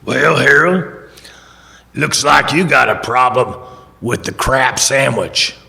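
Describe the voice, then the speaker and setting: A man doing a dry, slow old-timer. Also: medium pitch, vocal fry, sharp tone, voice pushed up, full character voice. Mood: dry teasing. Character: wise older male recovery old-timer, calm and blunt. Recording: long hall reverb.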